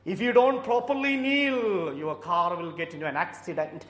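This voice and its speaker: A man's voice: sits high, steady tone, moderate pace, fairly bright tone. An Indian-accented man delivers a sermon, telling stories and then building to fervent emphasis. His voice rings through a church with long reverb and a roomy echo. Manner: storytelling, rising to fervent emphasis. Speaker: preacher studying for the priesthood.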